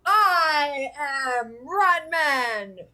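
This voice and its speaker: A woman's voice: high voice, expressive, drawn-out words, pushed and bright, heavily acted. A woman voicing a tiny, boastful rat who has turned into a rat man in a tabletop game. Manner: boastful, blustering.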